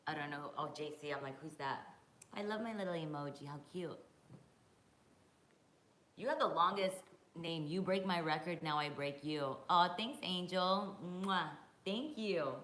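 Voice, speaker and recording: Low-voiced woman chatting on a live stream. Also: moderate pace, fairly bright tone, reverberant, a little hiss or hum, low-quality recording. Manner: chatty, swears freely, reacts to viewer comments. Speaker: podcast host reading live chat. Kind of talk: casual live-stream chat. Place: home, drinking wine on a live stream.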